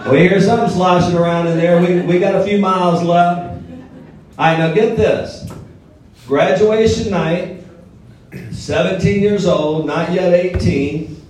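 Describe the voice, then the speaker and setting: A man's voice: high-pitched, steady tone, measured pace, darkish tone, some chatter behind, a little hiss or hum. A middle-aged man from southern Alabama with a Southern accent, a guest speaker telling jokey stories to a live audience. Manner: storytelling, joking with the audience. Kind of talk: motivational speech. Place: large hall before a live audience. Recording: echoey hall, mic heard from a distance.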